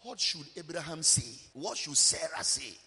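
A man, a pastor preaching with call-and-response and sing-song shouting in a church. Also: fairly high pitch, big pitch swings, moderate pace, breathy edge. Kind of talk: sermon. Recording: long reverb, faint music behind.

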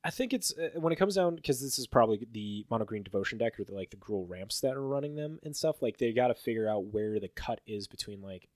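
A man's voice: fairly low pitch, fast talker, few pauses, no echo, clean studio sound. A man co-hosting a podcast, chatting casually and rambling through card game stats with lots of fillers. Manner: rambling, filler-heavy, animated when listing stats. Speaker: podcast co-host. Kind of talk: casual chat about card game results.

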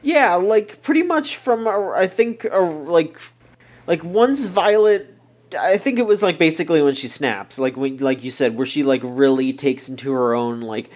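A man's voice: a little high, expressive, moderate pace. A young man talking casually about a show he watched, rambling with lots of fillers and restarts. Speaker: podcast co-host. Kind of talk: casual chat reviewing an anime.

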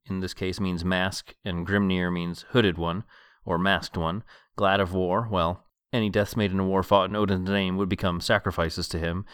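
A man hosting a podcast, reading a novel aloud in a calm, measured way and then chatting about the page. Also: low voice, clear, resonant tone, dry recording, studio quality. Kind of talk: book reading and commentary.

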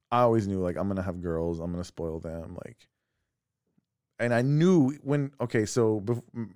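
Co-hosting a podcast from home, a man with a fairly low voice shares personal family stories in a casual, animated manner, laughing often and imitating the people in them. The recording is dry and clean, with studio sound.

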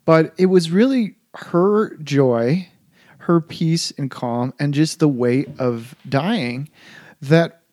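A man, a Catholic priest, tells a story in an earnest, reflective way. His voice sits fairly high for a man. The recording is dry and close. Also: takes it slowly, darkish tone, no echo. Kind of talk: casual conversation.

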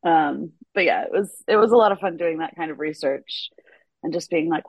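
A woman's voice: low-pitched, moderate pace, husky, dry recording. A woman TV writer, a podcast guest, chatting casually with lots of fillers and frequent laughs. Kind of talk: casual interview chat.

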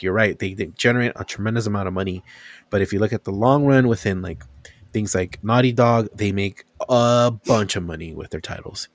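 A young man with a fairly low voice chats casually on a podcast, telling animated stories and acting out what others said. The recording is dry.

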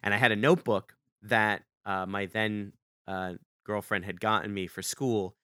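Bright, crisp-voiced man telling a story. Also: moderate pace, no echo, clean studio sound. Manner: animated, acts out quoted dialogue with big pitch jumps. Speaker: podcast co-host. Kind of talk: casual storytelling chat.

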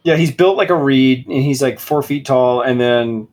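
Sarcastic husky-voiced man. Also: medium pitch, normal speed, a little mellow. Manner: sarcastic, reads passages aloud with mock dramatic voices. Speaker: podcast co-host. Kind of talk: casual mocking book review chat.

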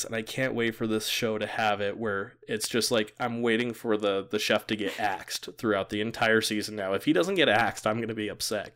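A man's voice: mid-range voice, fairly bright tone. A man chatting casually as a podcast host, recapping a show and laughing often as he goes. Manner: chatty, laughs often, acts out quoted lines. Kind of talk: casual chat.

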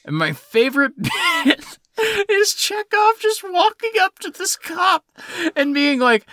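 A man co-hosting a podcast, chatting casually about films, animated, swearing freely and laughing often. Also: very high-pitched, slow, no echo, clean studio sound. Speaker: podcast co-host. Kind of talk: casual film discussion.

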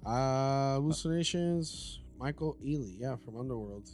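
A man's voice: medium pitch, expressive, unhurried, a little mellow. A man co-hosting a casual horror-movie podcast, laid-back and joking, swearing freely, with music faint behind him. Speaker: podcast co-host. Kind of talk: casual chat.

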